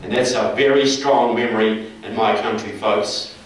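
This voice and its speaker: A man's voice: on the low side, fairly even intonation, moderate pace, heavy background noise. A man from New Zealand with a New Zealand accent, giving a folksy, direct speech to a local group, recorded in a meeting hall. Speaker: guest speaker. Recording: echoey hall, mic far off.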